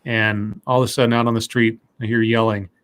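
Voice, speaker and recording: A tired man co-hosting a podcast, telling a story in a rambling way with many halting restarts. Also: on the low side, flat delivery, a bit bright. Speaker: podcast co-host. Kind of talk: casual storytelling chat.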